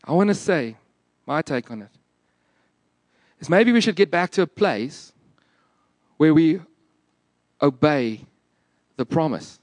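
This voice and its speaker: A man's voice: a little high, lively intonation, takes it slowly, pauses often, darkish tone, dry recording. Man, pastor, sermon, emphatic, earnest, dry close sound. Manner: earnest, emphatic, plain-spoken.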